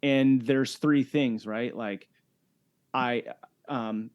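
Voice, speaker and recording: A man's voice: medium pitch, fairly even intonation, extremely slow, clear, resonant tone, muffled recording. A middle-aged man speaking as a podcast guest on fatherhood and faith. He talks emphatically and often checks in with "right?". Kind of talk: casual faith-based conversation.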